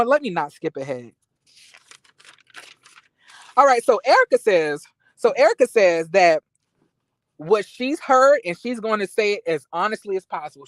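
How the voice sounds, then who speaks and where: Animated cussing man ranting. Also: high voice, dry recording, poor audio. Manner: animated, outraged, quick rants with restarts. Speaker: reality TV recap commentator. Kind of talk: casual commentary with profanity.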